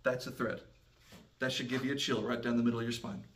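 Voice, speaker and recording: A man teaching a Bible class in an animated, emphatic way, often raising his voice for effect. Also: mid-range voice, fast talker, far from the mic, slight background noise.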